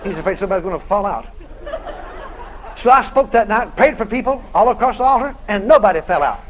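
A man's voice: high-pitched, lively intonation, fast, lo-fi sound, some chatter behind, a little hiss or hum. A male preacher telling a story in a sermon, acting out both sides of the conversation and often laughing as he tells it.

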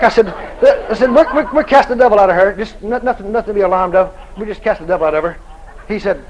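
A man preaching a sermon in a folksy, dramatic storytelling style, shouting out the lines he quotes. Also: high voice, fast, slight background noise, low-quality recording. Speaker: evangelist preacher.

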